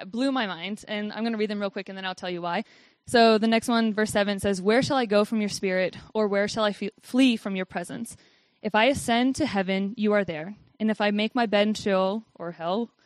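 A woman's voice: medium pitch, no echo. A woman giving a casual devotional talk and reading Bible verses, who says "like" a lot and laughs often. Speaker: Bible study speaker.

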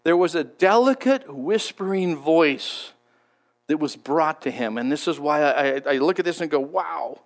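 A man's voice: on the high side, lively intonation, normal speed. A man preaching a sermon in a conversational, emphatic way, often repeating words as he goes. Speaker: pastor.

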